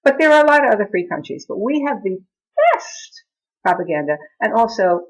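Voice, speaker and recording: A woman's voice: mid-range voice, sing-song, a little fast, highs cut off. A middle-aged woman vlogging in a casual chat to camera, laughing at her own jokes as she talks.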